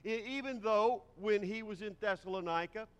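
A middle-aged male pastor delivers a sermon in a church sanctuary, his slightly high voice trailing a long reverb through the hall. He leans on emphasis by slowing down, speeding up, and dropping or raising his volume. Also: fairly bright tone, clean tone. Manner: varies pace and volume for emphasis.

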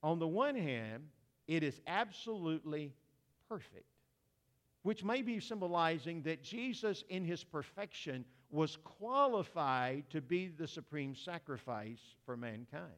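A man's voice: fairly high pitch, animated, unhurried. Male pastor, tenor range, conversational homespun sermon delivery. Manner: folksy, conversational preaching with asides to the congregation. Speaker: preacher.

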